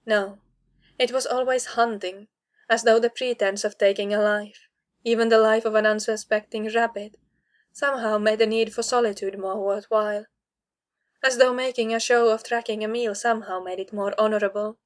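A woman reading a fantasy novel aloud as narrator, in a measured, even storytelling manner. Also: medium pitch. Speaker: audiobook narrator. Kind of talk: scripted narration.

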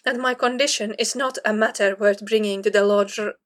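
Woman reader doing a prickly young warrior woman, clipped, exasperated, mid-pitched, audiobook story. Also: steady tone, a little fast, close to an everyday voice. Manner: clipped, exasperated, through clenched teeth. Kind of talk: audiobook reading of fan fiction.

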